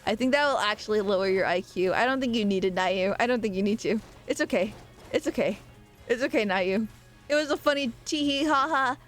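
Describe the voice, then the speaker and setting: A young woman streaming a game and chatting casually, excitable and quick to swear, with loud playful outbursts. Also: mid-range voice, faint music behind. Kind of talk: casual live-stream gaming commentary.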